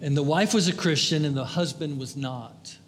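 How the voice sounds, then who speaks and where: An older man preaching a fervent sermon, his voice pitched high as he presses his appeals, then sinking to hushed pleas. A faint guitar plays softly underneath him. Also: normal speed. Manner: impassioned preaching, rising and dropping to hushed tones. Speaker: pastor.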